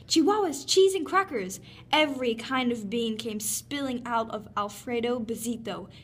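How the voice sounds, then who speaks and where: A woman reading a children's picture book aloud with expressive storytelling. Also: a little high, slight background noise. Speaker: reader.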